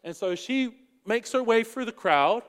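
Slangy New preacher in a big hall. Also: male voice, extremely high pitch, unhurried, clear, resonant tone. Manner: casual, slangy, animated storytelling. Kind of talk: storytelling sermon.

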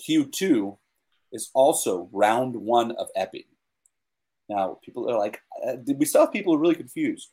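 A young man co-hosting a casual podcast, talking with excitement and leaning on fillers like "like" and "dude". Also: medium pitch, normal speed, breathy edge. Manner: enthusiastic, filler-heavy, says like and dude a lot. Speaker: podcast co-host. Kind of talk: casual chat.

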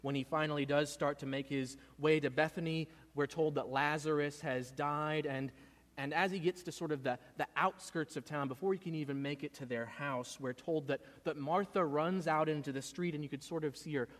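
A man preaches a sermon in a somewhat high voice, earnest and storytelling. He often stumbles and repeats his words. A long reverb trails every phrase. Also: fairly even intonation, normal speed. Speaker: pastor.

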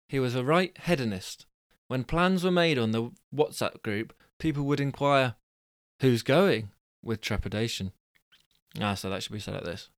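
Man, storyteller, smooth clear voice, dry close sound, rambling chatty asides. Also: mid-range voice, fairly bright tone, dry recording. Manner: chatty, rambling, self-deprecating. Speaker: storyteller and host. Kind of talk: reading stories aloud with asides.

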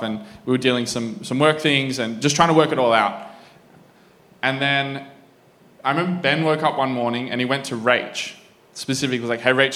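A man in his thirties telling a recent personal story in a casual chat, relaxed and full of ums and uhs. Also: medium pitch. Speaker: guest sharing a testimony.

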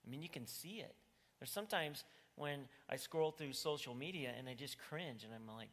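A man's voice: a little high, moderate pace, fairly bright tone. A man preaching a sermon as pastor, earnest and pleading, rising to emphatic bursts. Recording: reverberant church hall.

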